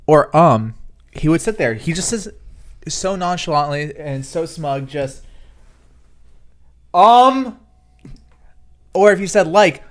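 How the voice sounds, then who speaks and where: A young man co-hosting a podcast, telling animated stories in casual banter and mimicking other people's voices. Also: fairly high pitch, moderate pace. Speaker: podcast co-host.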